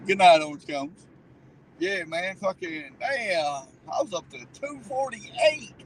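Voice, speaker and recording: A man's voice: sits high, very animated, slow, slight background noise, rough recording. A man telling stories in a car, cursing freely and laughing at himself. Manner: profane, laughing storyteller. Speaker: guest riding along. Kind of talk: casual chat.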